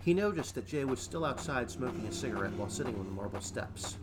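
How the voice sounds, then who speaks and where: A man's voice: mid-range voice, expressive, fast. Male narrator on a noisy recording. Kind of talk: scripted story narration.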